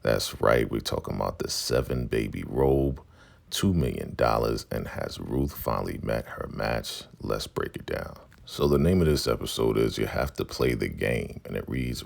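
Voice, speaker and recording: A man's voice: a bass voice, lively intonation, measured pace, vocal fry. A man hosting a casual vlog, chatting through a drama episode and acting out the scenes. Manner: chatty, acts out scenes in voices. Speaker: recap host.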